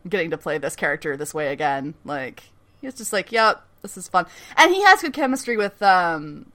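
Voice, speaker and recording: A woman's voice: sits low, brisk. A woman co-hosting a casual podcast, recapping a TV episode with swearing and lots of laughs. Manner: animated, swearing, laughing often, acting out characters' lines. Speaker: podcast co-host recapping a TV series. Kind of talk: casual chat.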